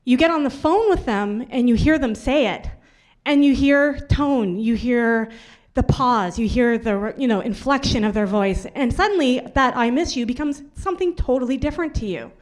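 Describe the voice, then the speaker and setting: High-voiced chatty woman presenting. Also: expressive, normal speed. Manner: chatty, playful, self-mocking. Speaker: hackathon team presenter. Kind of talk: casual demo presentation.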